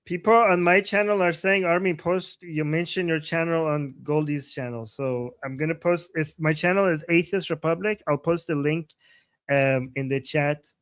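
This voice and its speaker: A man's voice: fairly high pitch, moderate pace, fairly bright tone, clear, resonant tone, no room sound, studio quality. A man from Iran co-hosting a live stream, talking emphatically and repeating key phrases. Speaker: co-host and YouTuber. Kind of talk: casual live-stream chat.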